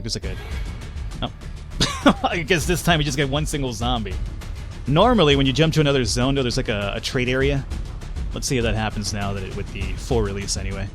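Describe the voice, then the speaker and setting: A young man hosting a let's play, chatting and joking casually as he plays, with the odd swear word. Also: medium pitch. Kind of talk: casual gameplay commentary.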